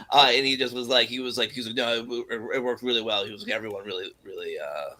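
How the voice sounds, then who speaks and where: A man with a bright, forward tone tells a story in relaxed podcast chat. He circles back, restarts and fills gaps with "uh" and "um" as he goes. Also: medium pitch, fast, few pauses. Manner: rambling, lots of fillers and restarts. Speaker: guest performer.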